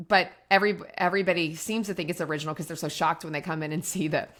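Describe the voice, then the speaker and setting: A woman with a lowish voice talks through business ideas in casual conversation. She tells anecdotes and drops into little acted-out quotes as she goes. Her tone stays relaxed and conversational. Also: rapid-fire. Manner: chatty storyteller, acts out quotes. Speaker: podcast co-host and wine brand owner.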